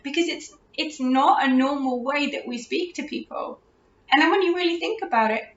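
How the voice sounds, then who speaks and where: Giving casual parenting advice from a room at home, a podcast host with a high voice chats away, often restarting and laughing warmly. Her audio sounds roomy, distant and dull, with a little hiss or hum.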